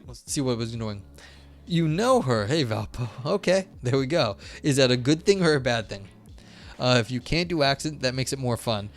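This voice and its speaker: Chatty man streaming a philosophy reading. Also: medium pitch. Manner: chatty and self-deprecating, reading aloud then explaining in plain terms. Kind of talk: live-stream reading with chat asides.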